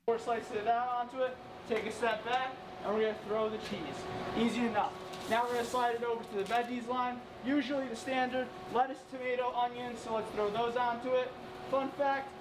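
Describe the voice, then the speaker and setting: Chatty sandwich worker in an echoey shop. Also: medium pitch. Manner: chatty, explains step by step. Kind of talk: casual how-to demonstration. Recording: echoey room, from far off, with noise.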